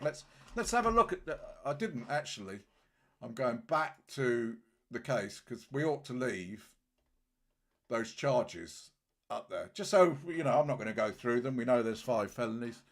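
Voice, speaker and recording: A man's voice: mid-range voice, animated, moderate pace. A man hosting a casual livestream, talking bluntly and scornfully in a rambling way with many restarts. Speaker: livestream host.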